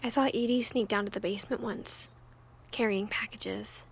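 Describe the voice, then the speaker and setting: An actress voicing a young woman who quietly narrates her family's strange past in a video game, in scripted narration. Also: mid-range voice, fairly even intonation, moderate pace, gravelly, slight background noise, close to an everyday voice. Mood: wistful.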